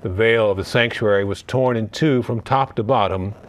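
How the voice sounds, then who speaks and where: Priest, male, lowish voice, measured Gospel reading and homily with occasional restarts.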